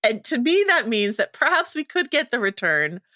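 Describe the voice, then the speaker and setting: A woman's voice: a little high, very animated, normal speed, sharp tone, dry recording, studio quality. A woman co-hosting a casual pop-culture podcast, playful and wordy with many fillers and rambling asides. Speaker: podcast co-host.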